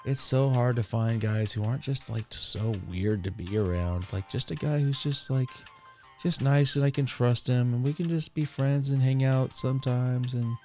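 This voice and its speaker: A man's voice: medium pitch, normal speed, faint music behind, pitched above the performer's own voice, natural voice. A man voicing a chatty, flirtatious woman lawyer on a plane, rambling eagerly with lots of fillers. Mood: flirty.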